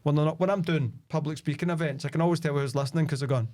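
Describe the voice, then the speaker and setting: A man's voice: fairly high pitch, fairly even intonation, racing, dark tone, dry recording. A middle-aged Scottish man, a sales expert guest, talking in a casual podcast conversation and telling stories full of "like" and "right?". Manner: chatty storyteller, peppered with "like" and "right?".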